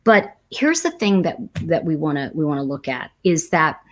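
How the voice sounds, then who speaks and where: A woman's voice: low-pitched, big pitch swings, moderate pace. A middle-aged woman hosting a live tarot chat, teaching casually and telling stories while reading viewer comments. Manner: chatty, storytelling, reads viewer comments aloud. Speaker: tarot teacher and livestream host.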